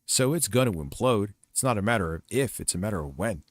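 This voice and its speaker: A man's voice: on the low side, animated, fast talker, dry recording, studio quality. A man hosting a livestream who comments casually, rambling, crude and mocking. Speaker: livestream host.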